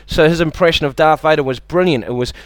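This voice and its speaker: A man's voice: fairly high pitch, fast talker, no echo. A man with a New Zealand accent doing a stand-up comedy set, chatty and self-mocking, slipping into silly impressions.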